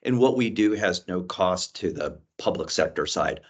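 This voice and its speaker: A man from a vendor company answering questions in an unscripted webinar presentation, measured and explanatory, with frequent restarts, heard over a video call. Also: low voice, expressive.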